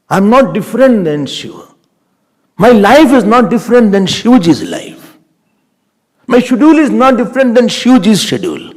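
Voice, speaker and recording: A swami with an Indian English accent delivers a spiritual sermon, pressing his points home through insistent repetition and the occasional Hindi word. His voice sits high for a man and swings widely in pitch, with a gravelly edge of fry. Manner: animated, emphatic, repeats phrases, mixes in Hindi words. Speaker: swami giving a spiritual discourse.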